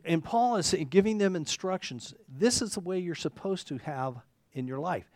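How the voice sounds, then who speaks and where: A man's voice: fairly high pitch, darkish tone, no room sound. A man preaching a conversational sermon, rambling and correcting himself, often checking in with "okay?". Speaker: pastor.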